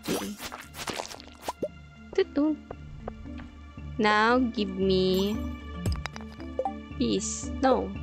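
Female gamer, slightly high voice, very unhurried delivery, playful running commentary over background music. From Philippines. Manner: playful, chatters at the game and enemies, giggly. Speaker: gaming channel host. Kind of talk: casual gameplay commentary.

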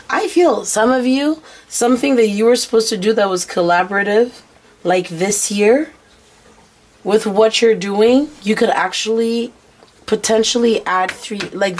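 A woman's voice: medium pitch, slight background noise. A woman giving a casual tarot reading, blunt and swearing freely as she relays what she says spirit tells her. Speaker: tarot reader.

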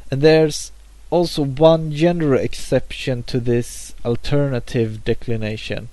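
A man teaching a grammar lesson, reading example words slowly with a pause after each one. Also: mid-range voice, steady tone, warm tone, dry recording. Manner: measured, pausing between each example word. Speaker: language teacher.

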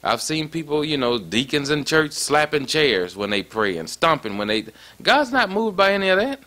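A man's voice: fairly high pitch, sing-song, normal speed, pushed and bright. Man preaching, conversational and emphatic. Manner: conversational preaching with frequent "you see that?" asides. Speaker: pastor. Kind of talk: sermon.

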